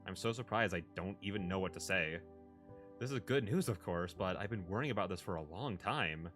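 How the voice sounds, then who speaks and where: A man's voice: low-pitched, animated, a little fast, fairly bright tone, soft background music. A man reading a story aloud, voicing a young adult sister who speaks hesitantly and emotionally. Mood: confused. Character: young adult woman, anxious, tearful sister.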